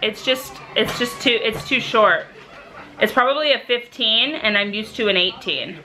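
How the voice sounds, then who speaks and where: A woman filming a casual home vlog on a handheld camera in her kitchen, excitable and gushing, tumbling over her own exclamations. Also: a little high, moderate pace, soft background music, poor audio. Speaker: vlogger.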